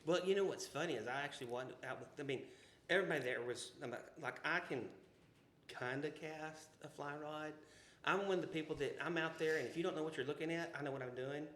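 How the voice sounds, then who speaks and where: A man's voice: on the high side, fast, fairly bright tone. A man with a Southern US accent telling rambling, folksy stories in a casual podcast chat, full of restarts and asides. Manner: rambling, folksy, many restarts and "you know". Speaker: podcast co-host. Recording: roomy echo with faint background ambience.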